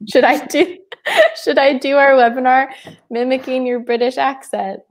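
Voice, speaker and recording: A woman's voice: sits high, little pitch movement, normal speed. A woman in her twenties from Seattle co-hosting a casual live webinar, chatty and giggly, trailing off with fillers. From Seattle, USA. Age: 20s. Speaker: webinar co-host.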